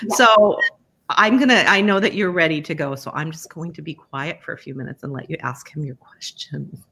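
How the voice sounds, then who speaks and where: Upbeat woman hosting a chat show over video, bright voice. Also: low-pitched, fairly quick, a little hiss or hum. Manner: chatty, upbeat, laughs often. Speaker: podcast host. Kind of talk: casual chat.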